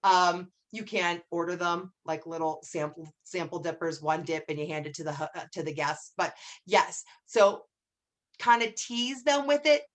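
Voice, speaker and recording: A woman coaching her direct sales team in a casual training talk. She talks in a chatty way and acts out sample lines in a brighter voice. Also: fairly low pitch, normal speed.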